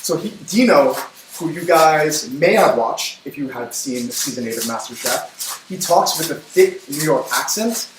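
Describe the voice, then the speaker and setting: A man hosting a cooking livestream, talking in a chatty, upbeat way with quick asides while he cooks. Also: a little high, expressive. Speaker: cooking show host. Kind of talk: casual cooking livestream chat. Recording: echoey room from far off, faint noise.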